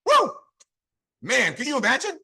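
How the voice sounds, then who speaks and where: A man speaks with a high, bright voice in a pumped-up motivational training talk. He repeats his points and throws questions at his listeners before he answers them himself. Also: expressive, a little fast. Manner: fired-up, repetitive, call-and-response. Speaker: network marketing leader.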